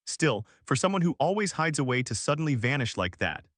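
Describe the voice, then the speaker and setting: A man's voice: medium pitch, very animated, brisk, fairly bright tone, dry recording, clean studio sound. A man narrating a comic story recap in a scripted read, voicing every character's lines himself.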